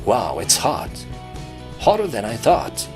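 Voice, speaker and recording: Lively male travel show narrator. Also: medium pitch, takes it slowly, music in the background. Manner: poses questions to the viewer.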